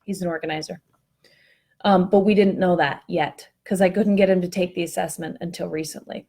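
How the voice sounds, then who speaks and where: A woman's voice: fairly low pitch, steady tone, a little fast, dark tone, breathy edge. A woman co-hosting a casual talk on workplace culture, telling a story in a chatty, self-mocking way over an online call. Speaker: co-host discussing workplace culture.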